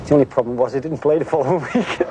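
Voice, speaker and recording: A man's voice: medium pitch, very fast. A man who used to play football tells a candid, self-deprecating story about his early days in the team. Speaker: former footballer interviewee. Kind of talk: reminiscing interview. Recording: noticeable background hiss.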